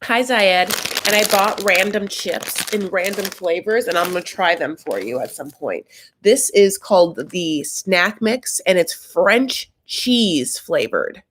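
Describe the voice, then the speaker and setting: Host, woman, casual live-stream recap delivery, chatty and tangential with animated high spikes. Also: slow pace, husky.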